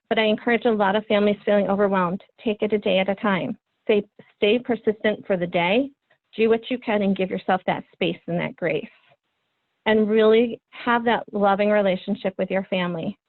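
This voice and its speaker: A woman's voice: mid-range voice, no echo. A woman in her thirties, a trainer presenting a webinar for parents, speaking in an earnest, encouraging way with frequent ums. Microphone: video call. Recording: phone-like webinar audio, dry.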